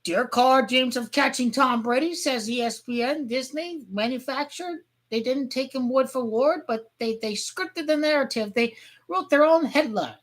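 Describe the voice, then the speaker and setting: A woman vlogger ranting crudely about football, rambling and heated, with sudden shouting outbursts. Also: sits high, moderate pace. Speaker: sports fan vlogger. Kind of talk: profane football rant.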